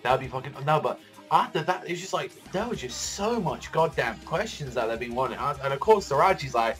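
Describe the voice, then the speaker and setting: A man giving casual reaction commentary on a manga chapter, excitable and profane, rambling with lots of fillers. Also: on the high side, normal speed, faint music behind.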